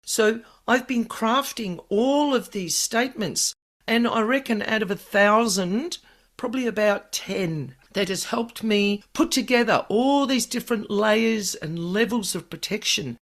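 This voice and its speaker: A woman's voice: fairly high pitch, a little slow. A woman hosting a podcast as a paranormal specialist, explaining things in an earnest, chatty way. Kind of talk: conversational podcast talk.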